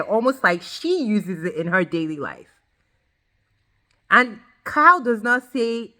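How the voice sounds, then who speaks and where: A woman giving a ranting recap of a reality show, emphatic and blunt, swearing freely and talking straight to her viewers. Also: on the low side. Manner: emphatic, animated, addresses viewers directly. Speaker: reality TV reviewer.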